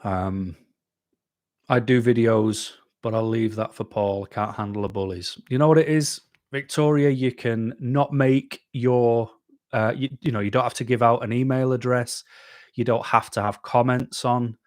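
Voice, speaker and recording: A man's voice: medium pitch, fairly even intonation, unhurried, no room sound, studio quality. A man hosting a live stream, chatting casually with viewers in a rambling, self-deprecating way, full of ums and restarts.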